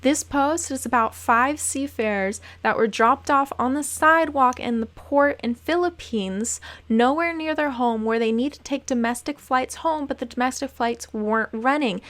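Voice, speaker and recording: A young woman in a casual vlog, speaking with indignant passion and repeating phrases for emphasis. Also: a little high. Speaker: vlogger, former cruise ship worker. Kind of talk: casual to-camera talk.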